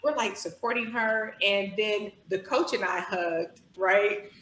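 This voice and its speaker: A woman in her forties, a podcast guest, telling a personal story with animation, acting out her own thoughts in a higher voice. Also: takes it slowly, a bit bright, roomy sound, low-quality recording.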